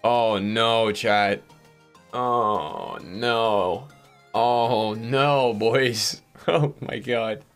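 A male streamer giving live-stream commentary to his chat, excitable and swinging between hype and letdown with plenty of fillers. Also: mid-range voice, drawn-out words, soft background music. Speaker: streamer opening game packs.

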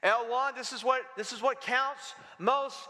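A man preaching a sermon as pastor, telling stories with humor and lively delivery. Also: very high-pitched, a little slow, long reverb tail. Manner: animated storytelling with humor. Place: church sanctuary.

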